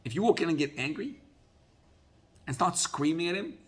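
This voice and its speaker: A man teaching a Torah class as a rabbi, telling a story in an animated way and often repeating words. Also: fairly high pitch, normal speed.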